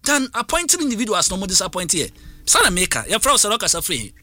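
A man's voice: sits high, big pitch swings, quick pace, pushed and bright. A man with a Ghanaian accent hosting a call-in sports radio show, switching between languages as he talks.

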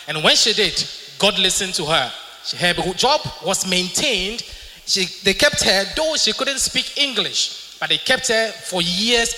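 A man interpreting a testimony for a church congregation in a measured, pausing way. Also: sits high, bright, forceful tone, in a large hall.

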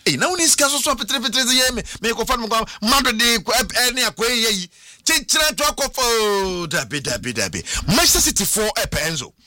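A man hosting a radio sports show. He chats about football at speed, excitable, and repeats words in quick bursts. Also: very high-pitched, dry recording, studio quality. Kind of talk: lively football chat mixing Twi and English.

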